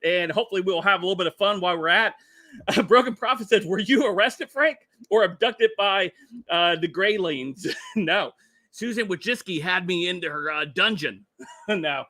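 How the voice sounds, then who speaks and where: Middle-aged guy chatting on his stream, kinda high voice, lots of uhs and little laughs. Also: moderate pace, sharp tone. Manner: rambling, chuckling, many filler words. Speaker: livestream commentary host. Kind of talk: casual political commentary stream.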